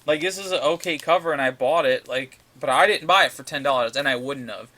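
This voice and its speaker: A man's voice: mid-range voice, fairly quick, pushed and bright. A man rambling casually in a comic book vlog, ranting and swearing as he shows his new pickups. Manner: ranting, profane, repeats himself.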